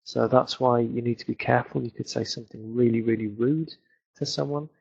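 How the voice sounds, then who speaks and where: A man's voice: medium pitch, steady tone, a little fast, gravelly, a little mellow, husky, dull audio. A man with a Northern English accent, an English teacher answering viewer questions in a webinar, explaining things with many fillers. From England. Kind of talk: webinar Q&A lesson.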